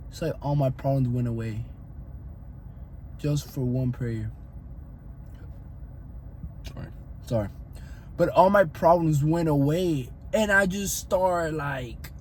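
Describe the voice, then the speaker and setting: Earnest high-voiced young man testifying. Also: takes it slowly, pauses often, a little hiss or hum. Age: young adult. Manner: earnest, repetitive, rambling storytelling. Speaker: fitness coach vlogger. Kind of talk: personal faith testimony.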